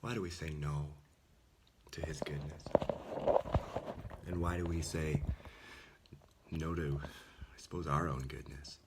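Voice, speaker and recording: A man's voice: very deep voice, fairly even intonation, takes it slowly, long pauses, very noisy. A man giving an earnest, informal Christian talk, often dropping to a whisper. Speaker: Catholic speaker. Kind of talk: casual sermon.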